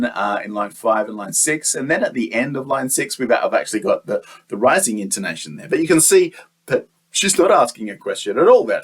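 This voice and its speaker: A man's voice: on the low side, slightly rough. A man teaching a lesson, explaining step by step with frequent "um" and "uh" fillers. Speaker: lecturer. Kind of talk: teaching lecture.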